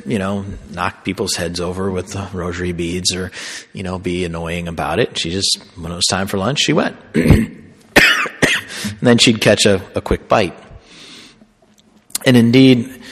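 A man who is a Catholic priest, giving a sermon in a slow, conversational storytelling way. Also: fairly low pitch, a bit bright, husky. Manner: conversational storytelling preaching, slow deliberate phrasing. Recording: long hall reverb.

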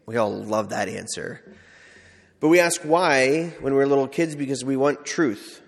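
A man preaches in a relaxed, chatty way, acting out small everyday scenes as he teaches. His voice sits at an ordinary middle pitch. It carries a long reverb, as if heard in a large church hall. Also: a little slow, creaky. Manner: conversational, acts out little scenes. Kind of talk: informal sermon with storytelling.

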